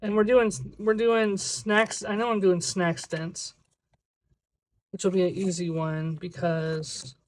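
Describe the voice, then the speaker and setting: Budget vlogger chatting away while counting money out loud, kinda sing-songy drawn-out cadence, mid pitched voice. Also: level tone. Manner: chatty self-talk, counting money aloud. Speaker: budgeting video creator. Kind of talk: casual vlog talk while counting cash.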